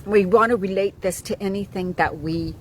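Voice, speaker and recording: A woman's voice: mid-range voice, moderate pace, slight background noise, rough recording. A woman in her forties talking casually to camera as a wellness coach, chatty, often checking in with "right?". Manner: chatty, keeps asking "right?". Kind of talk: casual talking-head vlog.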